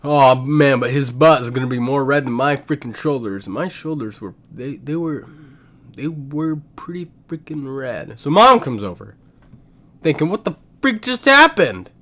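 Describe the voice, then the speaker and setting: A young man telling a comedic story, swinging between loud outbursts and muttered asides. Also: mid-range voice, moderate pace.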